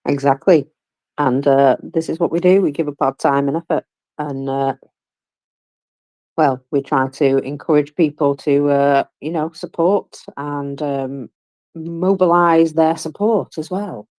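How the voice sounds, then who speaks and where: A host in an online chat who speaks in a warm, reassuring way. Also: medium pitch, fairly even intonation, measured pace, dry recording. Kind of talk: casual chat.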